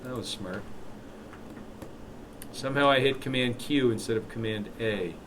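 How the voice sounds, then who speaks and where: A man teaching a live software class, walking students through steps with chatty, joking asides. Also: mid-range voice, measured pace, background noise. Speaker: instructor.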